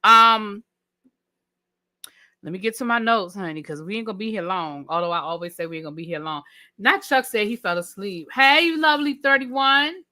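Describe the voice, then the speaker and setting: On the low side and brisk, with a sharp tone, a woman runs a live review stream. Her chat with viewers is casual and emphatic, peppered with Southern-tinged slang like "ain't," "child" and "honey."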